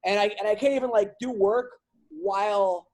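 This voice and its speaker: Talking at a normal speed in a high voice, a male comedian hosts a podcast and vents during a casual chat. He rambles in an animated, comic style and often starts his sentences over.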